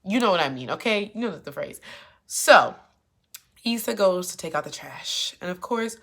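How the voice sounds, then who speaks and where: A woman with a low voice gives a chatty, sassy recap of a TV episode. She speaks with features and jumps into the characters' lines with lots of attitude. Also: moderate pace. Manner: chatty and animated, acts out characters' lines with sass. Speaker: TV recap commentator.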